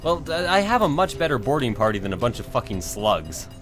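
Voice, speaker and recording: A man's voice: mid-range voice, sing-song, fairly quick, music in the background. A young man with a French accent hosting a casual let's play, chatty and profane. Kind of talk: casual gameplay commentary.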